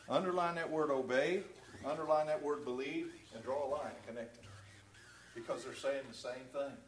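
A man preaching a sermon, emphatic, asking the congregation rhetorical questions and moving between loud stress and quiet asides. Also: sits high, slight background noise.

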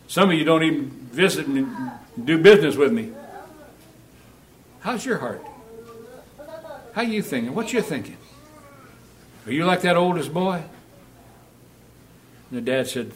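A man preaching a sermon in a church, shifting between loud, emphatic Bible reading and quiet, direct questions to the congregation. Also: on the high side, expressive, normal speed, pauses often.

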